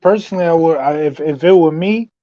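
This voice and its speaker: Relaxed slangy male co-host, slightly high voice, dull low-fi recording. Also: fast, no echo. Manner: laid-back, short backchannel replies, slangy. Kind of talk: casual chat. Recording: dull lo-fi mic with faint noise.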